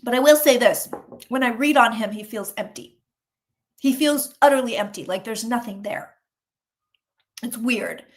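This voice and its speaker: Woman psychic, livestream host, higher voice, casual and chatty, throws in little acted quotes. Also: moderate pace, long pauses. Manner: chatty, animated, acts out voices of people. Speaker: psychic reading tarot on a livestream.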